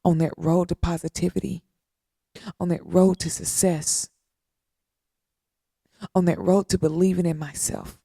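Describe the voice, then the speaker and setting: A woman hosting a podcast, giving a heartfelt, faith-based talk, speaking earnestly with repetition and long pauses. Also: lowish voice, flat delivery, vocal fry, warm tone, husky, no echo, clean studio sound. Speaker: podcast host.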